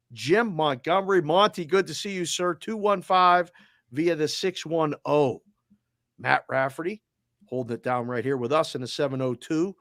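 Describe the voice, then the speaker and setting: This man speaks in a Boston accent with a fairly high voice. He hosts a casual sports talk show and fires off energetic listener shout-outs. The sound is dry and close. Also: dry recording. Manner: energetic, shout-outs with area codes and towns. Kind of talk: roll call of listeners, casual.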